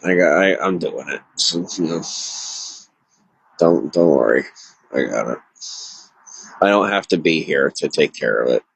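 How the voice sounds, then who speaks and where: Here a man with a bass voice streams solo, distressed and on the edge of tears. He's animated yet a little slow, with vocal fry, long pauses and a breathy edge, rambling through filler words and breaking off mid-thought. The recording is rough and has no room sound.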